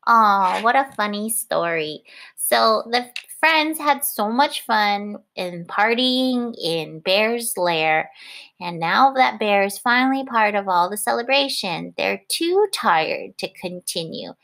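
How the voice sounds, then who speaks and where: A young adult woman teacher reading a picture book aloud to her class, expressive, with gasps and questions to the children. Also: mid-range voice, takes it slowly, vocal fry. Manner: expressive, gasping, asks questions.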